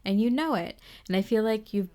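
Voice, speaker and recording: A woman giving a tarot reading to the viewer, gentle and reassuring, rambling with lots of fillers. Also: mid-range voice, animated, brisk. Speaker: tarot reader. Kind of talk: casual spoken tarot reading.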